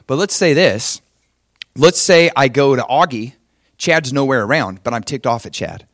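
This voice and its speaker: A middle-aged male pastor preaching a sermon, swinging from loud and emphatic to soft and hushed. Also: mid-range voice, animated, normal speed, no echo, studio quality.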